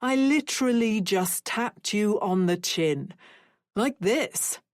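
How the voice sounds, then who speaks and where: Brusque dad, defensive, read by a woman, measured and unhurried, close dry read. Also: medium pitch, lively intonation, no room sound. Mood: dismissive. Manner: brusque, dismissive. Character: gruff British father, dismissive and defensive.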